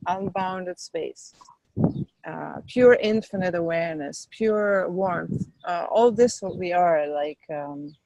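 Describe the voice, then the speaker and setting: A woman with a fairly low, warm voice and vocal fry speaks slowly in a low-quality recording without room sound, made outdoors in wind. A guest spiritual teacher and tour leader in a casual interview, she's enthusiastic and chatty about her tours and workshops, using lots of fillers.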